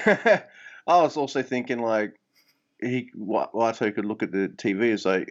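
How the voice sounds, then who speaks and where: A man's voice: lowish voice, animated, measured pace. A man co-hosting a podcast, joking in a hesitant, self-deprecating way. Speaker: podcast co-host. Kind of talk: casual podcast chat. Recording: dull lo-fi audio.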